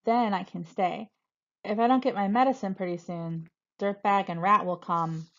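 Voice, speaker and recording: A woman reading aloud, voicing an earnest, naive teenage boy who speaks plainly and calmly. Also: mid-range voice, normal speed, dull audio, lightly acted.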